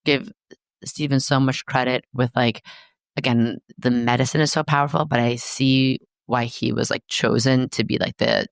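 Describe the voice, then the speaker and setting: A woman's voice: a bass voice, moderate pace, gravelly, no echo. Woman, podcast host, casual chat, goofy storyteller, dry sound. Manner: animated, self-deprecating storyteller.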